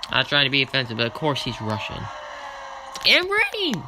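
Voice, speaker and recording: A man giving let's-play commentary on a racing game, swinging between loud cheers and grumbling mutters. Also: mid-range voice, steady tone, fast. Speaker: gamer playing a racing management game. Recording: noticeable background noise.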